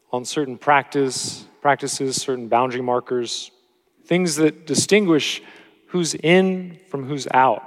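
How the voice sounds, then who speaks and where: A man preaching a steady expository sermon as pastor, with occasional self-corrections. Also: medium pitch. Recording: long hall reverb.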